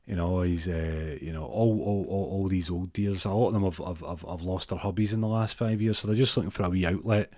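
A man's voice: deep voice, fairly even intonation, brisk, hardly any pauses, darkish tone, dry recording, clean studio sound. A man improvising a comic story, rambling and repeating words with many fillers.

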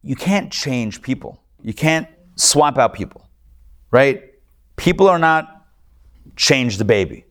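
Slowly and with frequent pauses, a male rabbi teaches his weekly class in a mid-range voice with lively intonation. The live lecture reaches an in-person and online group, and he keeps it conversational with jokes and asides.

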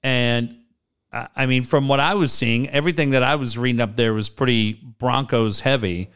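A man's voice: mid-range voice, moderate pace, a bit bright, clear, resonant tone. A middle-aged man co-hosting a sports talk show, swearing freely and mocking the people he talks about. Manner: profane, mocking storyteller who mimics people. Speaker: sports radio co-host.

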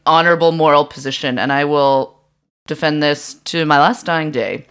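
A woman's voice: sits low, moderate pace, fairly bright tone, smooth. A woman co-hosting a podcast in casual chat, blunt and opinionated. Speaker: podcast co-host.

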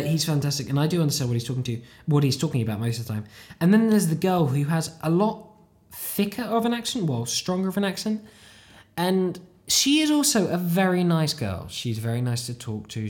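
A podcast host talking alone in a casual, rambling, self-deprecating way, a little tired late at night. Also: a little mellow. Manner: rambling, self-deprecating, jumps into squeaky high voices for inner thoughts. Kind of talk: casual solo monologue.

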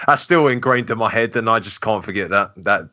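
A man's voice: lowish voice, brisk, sharp tone. A man chatting about football as a guest, hesitant with many restarts and laughs. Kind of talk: casual football fan chat.

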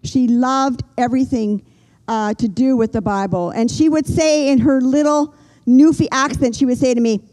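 Older woman preaching in a mellow, earnest voice. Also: sits high, low-quality recording. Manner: earnest, gentle preaching with slow emphatic pauses. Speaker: pastor. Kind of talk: sermon.

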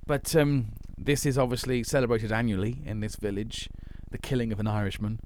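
A man's voice: mid-range voice, steady tone, a little fast, darkish tone, a little hiss or hum. A man co-hosting a podcast, chatting playfully with plenty of fillers and restarts. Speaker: podcast co-host. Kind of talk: casual chat.

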